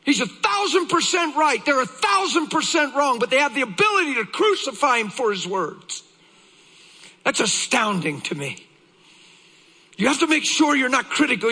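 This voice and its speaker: A man preaching a sermon with passion, often shouting, then dropping low and slow. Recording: long hall reverb.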